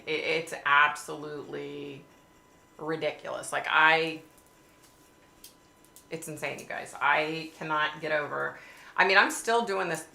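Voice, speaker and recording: A woman's voice: low voice, creaky, sharp tone. A woman hosting a casual livestream, chatting and reading viewer comments aloud. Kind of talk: casual live chat. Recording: echoey room with faint hiss.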